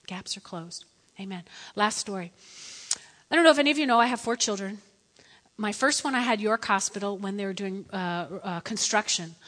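A middle-aged woman preacher telling a story in a lively, dramatic sermon, acting out the voices in it. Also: medium pitch, long reverb tail. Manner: lively, dramatic, acts out quotes.

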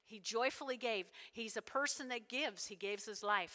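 A woman preaches a sermon with animated energy. Her voice is bright and sits somewhat high, and she keeps asking her listeners "all right?" and "right?". The sound rings out with the long reverb of a church hall. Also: moderate pace. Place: church sanctuary.

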